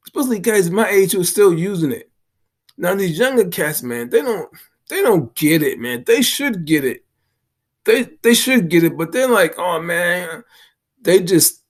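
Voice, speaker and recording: A man in his sixties from Boston, telling a personal story in an earnest, emphatic way, repeating himself for stress. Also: high-pitched. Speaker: vlogger. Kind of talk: casual storytelling monologue.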